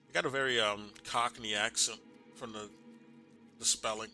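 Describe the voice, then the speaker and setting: A man's voice: medium pitch, steady tone, normal speed, pushed and bright, faint music behind. A man giving casual let's play commentary, thinking aloud and swearing now and then. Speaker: gamer.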